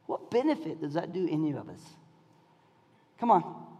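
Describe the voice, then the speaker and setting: Animated preacher man with a lively pitch. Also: moderate pace, big-room sound, highs cut off. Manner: swings from shouting to near whispers, call-and-response. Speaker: pastor. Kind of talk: sermon. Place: church sanctuary.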